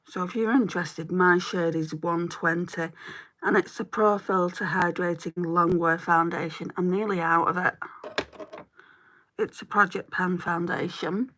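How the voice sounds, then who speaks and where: Slow-spoken Lancashire woman with a bright voice. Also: fairly low pitch, fairly even intonation. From Northwest England. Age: 40s. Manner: chatty, reads out and answers viewer comments. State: slightly hoarse throat. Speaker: makeup livestreamer. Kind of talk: live makeup tutorial chat.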